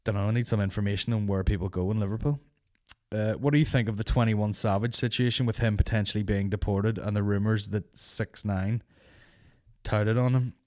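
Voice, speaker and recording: Sweary comedy podcast host. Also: male voice, fairly low pitch, a little fast. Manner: profane, animated, mocking.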